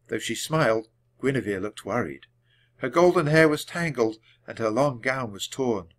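Animated man reading a storybook aloud. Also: medium pitch. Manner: clear and deliberate for language learners. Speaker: storybook reader.

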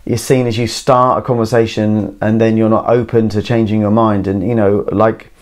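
A man's voice: lowish voice, flat delivery, normal speed. A man, hosting a solo podcast from a garden shed, rambling with many fillers and restarts. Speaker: podcast host. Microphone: camera mic.

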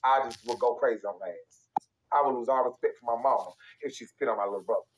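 A man's voice: mid-range voice, quick pace, slight background noise, rough recording. A young man, ranting heatedly on a live stream, profane, repetitive and emphatic.

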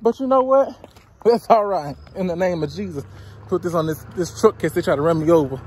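A slightly low, somewhat mellow voice with a breathy edge comes from a woman in her twenties who speaks a little fast. Walking by the woods along a road, winded, she vlogs into her phone with casual, crude, straight-talking advice.

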